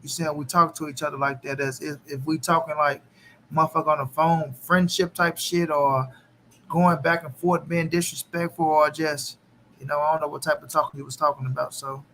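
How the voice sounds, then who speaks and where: Bright-voiced man chatting on a live stream. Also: fairly high pitch, little pitch movement, fairly quick, slight background noise. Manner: loose, profane, talks back to chat. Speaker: boxing channel host. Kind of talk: casual live-stream chat.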